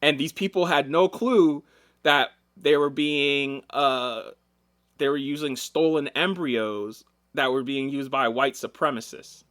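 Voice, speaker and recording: In an unhurried, medium-pitched voice, a man co-hosting a casual podcast tells animated stories, curses freely, and acts out the people he quotes. The sound is clean studio quality with no room sound.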